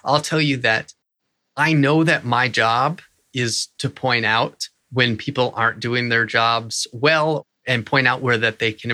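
A male podcast host with a bright, forward voice, asking questions in an easygoing, searching way. He sounds close and dry, with no room around him. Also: medium pitch, no room sound. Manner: relaxed, searching phrasing with fillers. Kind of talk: interview questions.

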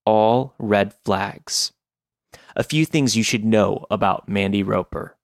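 Slow, deliberate male story narrator. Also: fairly low pitch, creaky, no room sound, studio quality. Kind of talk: scripted horror story narration.

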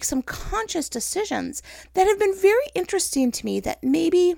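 A woman's voice: high-pitched, moderate pace, vocal fry, dry recording, studio quality. A woman hosting a casual faith-based chat, telling stories with animation and teasing herself as she goes. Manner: animated storytelling, acting out her own thoughts in voices; self-teasing and chatty.

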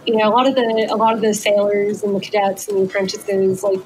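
A woman's voice: medium pitch, level tone, fast talker, darkish tone, poor audio. Casting: woman, tall ship expert, loose conversational explaining, faint background noise. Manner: conversational, many fillers. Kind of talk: recorded interview explanation.

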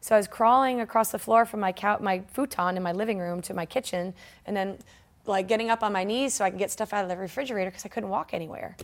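Gravelly-voiced woman telling her story candidly. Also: medium pitch, fast. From United States. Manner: lively, candid storyteller who laughs while telling. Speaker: interview guest. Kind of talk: casual storytelling in an interview.

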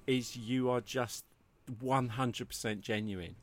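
Host, English man, mid-pitched, jokey and rambling. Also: steady tone, takes it slowly, a little hiss or hum. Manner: warm, joking, rambling with restarts. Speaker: podcast host. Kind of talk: casual chat.

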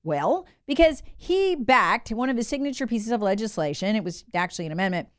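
A woman hosting political commentary in a sarcastic, mocking tone. Her voice sits a little high and swings widely in pitch as she tells the story. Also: sing-song, fairly quick. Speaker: host of a political commentary show.

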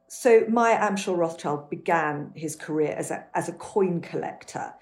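A woman's voice: fairly low pitch, moderate pace, darkish tone. A woman author, a guest on an interview podcast, telling history in fluent, detailed answers.

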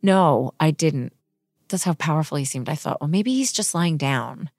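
A middle-aged woman giving an interview, retelling a painful personal story in a halting, emotional way with many restarts. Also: deep voice, animated, a little mellow, no room sound, clean studio sound. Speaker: interview guest.

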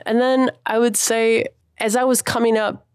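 A woman's voice: a little high, moderate pace, smooth, no room sound. Laid-back woman musician with dry sound. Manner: relaxed, slangy, laughs often while talking. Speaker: musician guest. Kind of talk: casual interview conversation.

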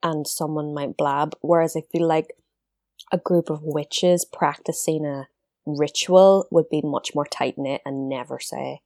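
A woman co-hosting a podcast in casual chat, going off on chatty tangents and quick asides. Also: sits low, steady tone, dark tone. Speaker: podcast co-host.

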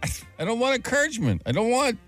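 A man hosts a radio show with casual, animated banter, his pitch rising and falling widely. He laughs often as he tells his stories. Faint music sits underneath. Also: quick pace. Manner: animated storyteller, laughs often, jumps into a high register.

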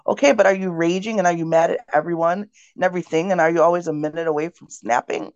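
A woman's voice: lowish voice, steady tone, quick pace, few pauses, a little mellow, dry recording, lo-fi sound. A woman co-hosting a casual podcast, talking in an earnest, reflective way. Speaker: podcast co-host. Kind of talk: casual conversation.

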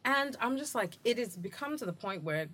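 Animated woman. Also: fairly high pitch, a little fast, a little hiss or hum. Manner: animated, indignant retelling with quoted dialogue. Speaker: podcast host. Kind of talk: casual storytelling chat.

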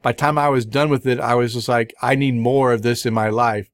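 A middle-aged man talks through his beer reviews in a loose, rambling podcast chat, piling on fillers and restarts. His voice sits at an ordinary middle pitch. He is recorded close up in a very dry space with no room sound. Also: fairly even intonation, brisk, no echo.

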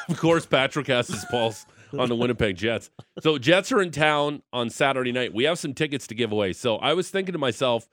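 A man's voice: medium pitch, lively intonation, fairly bright tone. Chatty jokey sports radio host man. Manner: chatty and jokey, quick asides. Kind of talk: casual studio banter. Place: radio studio.

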